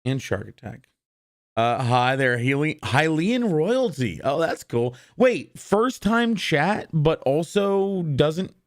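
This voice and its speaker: A man's voice: a little high, sing-song, slow. A young man streaming live, chatting casually and greeting his viewers one by one in an upbeat, rambling way while his voice is wearing out. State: losing his voice.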